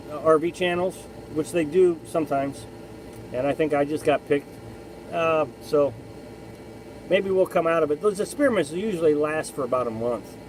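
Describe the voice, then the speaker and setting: A man with a high-pitched voice hosts a casual live stream. He chats at length, rambles, and often starts his sentences over. A faint background noise runs under his voice. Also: a little mellow, low-quality recording. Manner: rambling, chatty, frequent restarts. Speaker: live stream host reading chat.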